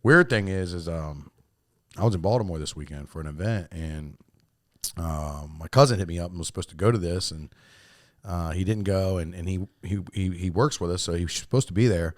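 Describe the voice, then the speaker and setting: Low-voiced man hosting a casual podcast. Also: a little fast, dry recording, studio quality. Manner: loose and swearing, restarts a lot, bursts up loud when excited. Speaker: podcast host and coach.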